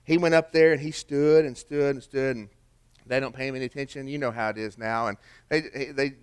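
A man's voice: mid-range voice, fairly even intonation, a little fast, clear, resonant tone. An older man, preaching a sermon in a folksy storytelling way with rhetorical questions. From American South. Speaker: pastor.

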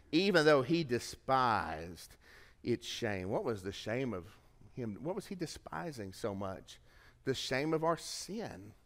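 A fairly high-voiced man preaching from the pulpit, echoing through a hall with a long reverb. He leans hard on repeated phrases and swings between hushed, intimate passages and raised, urgent pleas. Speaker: pastor. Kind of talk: sermon.

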